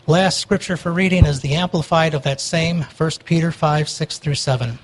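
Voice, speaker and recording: A man preaching a sermon, emphatic and swinging between loud urging and quiet pleading prayer. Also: fairly high pitch, normal speed, hardly any pauses, poor audio.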